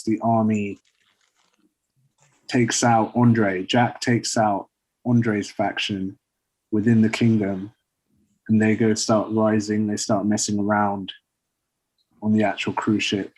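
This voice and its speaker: Slow, husky-voiced man rambling. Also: on the low side, flat delivery, darkish tone, low-quality recording. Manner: rambling, filler-heavy storytelling. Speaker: podcast co-host pitching a story. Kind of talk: casual chat.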